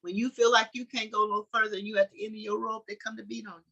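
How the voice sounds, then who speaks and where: A woman's voice: medium pitch, little pitch movement, quick pace, pushed and bright, husky, poor audio. A woman teaching scripture in a conversational, preachy way, often restarting her sentences. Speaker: Bible study teacher.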